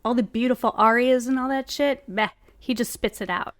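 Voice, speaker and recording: A woman's voice: on the high side, fairly quick, fairly bright tone. A woman singer guesting on a podcast, chatting casually with lots of swearing and filler words. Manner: profane, enthusiastic, full of fillers. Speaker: singer and performer.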